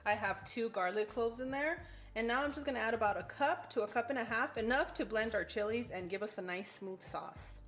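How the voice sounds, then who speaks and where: A woman with a Texan accent hosting a home cooking tutorial in her kitchen, explaining each step in a chatty, easygoing way with soft laughs. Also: on the high side, fairly quick. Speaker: cooking channel host and mother.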